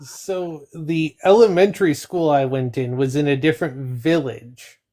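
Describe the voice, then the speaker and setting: A man from Michigan with a fairly high voice chats on a podcast with friends. He jokes around and tells stories in halting bits. His talk is easygoing. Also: warm tone. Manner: joking, tells stories with pauses. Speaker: podcast co-host. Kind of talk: casual chat.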